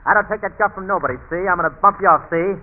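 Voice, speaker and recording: A man's voice: high-pitched, very fast, close to an everyday voice. A man putting on a tough male gangster who snarls threats in clipped lines, heard as a tinny, hissy 1940s radio broadcast. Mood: menacing. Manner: clipped tough-guy talk ending lines with "see?".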